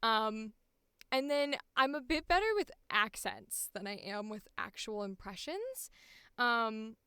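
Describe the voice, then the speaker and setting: A woman's voice: fairly high pitch, expressive, takes it slowly, sharp tone, clear, resonant tone, no echo. A young woman, a voice actor, chatting casually and bubbly on a livestream, rambling and laughing often. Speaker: voice actor streamer.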